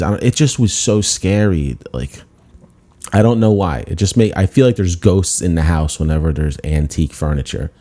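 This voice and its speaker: Talking a little fast in a deep, mellow voice, this man is a comedian on his own podcast. He tells a rambling, self-deprecating story as a casual monologue, restarting often.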